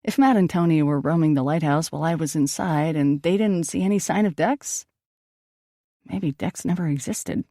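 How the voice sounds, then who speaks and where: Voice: medium pitch, moderate pace, dark tone, dry recording, clean studio sound. An audiobook narrator reading a first-person ghost story, turning dramatic at tense moments.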